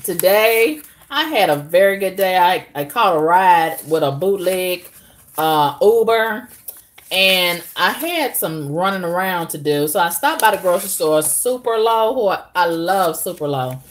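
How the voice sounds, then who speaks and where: A woman, chatting casually to her viewers, lively and acting out both sides of conversations. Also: lowish voice, unhurried. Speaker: vlogger.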